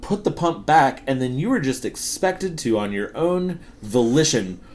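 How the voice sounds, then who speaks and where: A man's voice: mid-range voice, measured pace. A man in his thirties, co-hosting a podcast, telling work stories in a casual, profane, laughing way. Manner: profane, laughing, animated storytelling. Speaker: podcast co-host. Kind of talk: casual storytelling chat.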